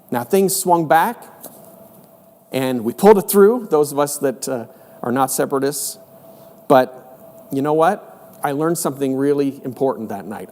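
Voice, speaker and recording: A man's voice: fairly high pitch, a little mellow. Earnest middle-aged male pastor preaching. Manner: earnest, conversational preaching with repeated emphasis. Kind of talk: sermon. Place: church hall. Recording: echoey hall with long reverb.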